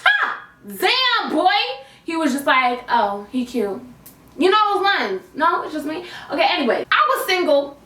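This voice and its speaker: A woman's voice: extremely high pitch, normal speed. A young adult woman telling a storytime tale from her bedroom, in a playful, slangy, conversational way. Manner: animated, playful and conversational, with a raised on-camera voice. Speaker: YouTuber telling a personal story. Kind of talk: storytime vlog, casual slangy chat. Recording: echoey room, mic at a distance.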